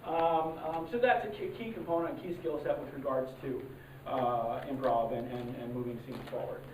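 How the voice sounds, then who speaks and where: A member of an improv troupe warming up a live audience, talking haltingly with many fillers and restarts and loudly calling out cues to the crowd. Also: mid-range voice, noisy background. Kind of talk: live audience warm-up talk. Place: live show venue. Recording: distant, roomy, muffled live recording. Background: audience ambience.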